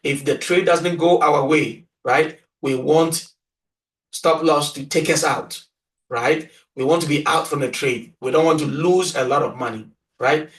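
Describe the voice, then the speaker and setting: A man's voice: on the high side, a little slow. A man teaching a beginner trading lesson, who repeats his points and keeps prompting listeners with "right?" and "what?". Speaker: trading instructor. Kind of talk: screen-share tutorial lecture. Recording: echoey room, voice distant from mic.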